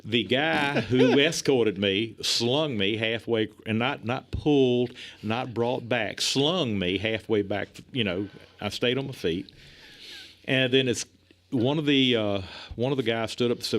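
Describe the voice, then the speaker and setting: A man in his sixties, a police chief, telling animated anecdotes as a podcast guest. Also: mid-range voice, a little slow. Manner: animated anecdotes, acts out other people's lines, laughs often. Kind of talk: casual storytelling in a podcast interview.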